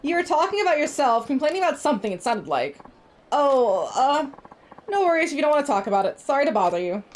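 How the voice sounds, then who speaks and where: A woman reading the lines of a kind grown man in a calm, dry manner, a little lower than her own voice. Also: fast, a little hiss or hum.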